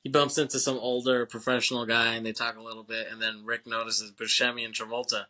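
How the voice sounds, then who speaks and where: A man's voice: medium pitch, little pitch movement, quick pace, pushed and bright. A man co-hosting a casual podcast chat, laughing often, swearing casually and acting out lines as he recaps a film. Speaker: podcast co-host.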